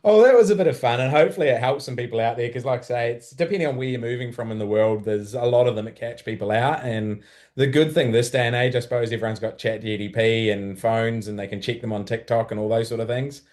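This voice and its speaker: A man's voice: medium pitch, fast talker. Laid-back man hosting. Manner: relaxed, explains plainly. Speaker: podcast host. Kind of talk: casual chat.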